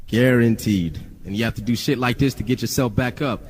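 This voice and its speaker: A man's voice: mid-range voice, fast. A male rapper telling a story in a casual, rambling, profane way, full of "you know". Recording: long reverb.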